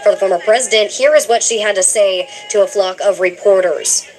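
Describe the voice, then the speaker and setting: A woman reporter delivering a scripted news report in a steady, measured way. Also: mid-range voice, soft background music.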